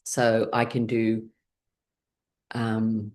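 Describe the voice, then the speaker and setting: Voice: medium pitch, completely flat delivery, very slow, a little mellow. A playful, middle-aged instructor guiding an online laughter class over a video call. They talk in an easy, upbeat way, break into laughter often, and lead the group through counts and chants.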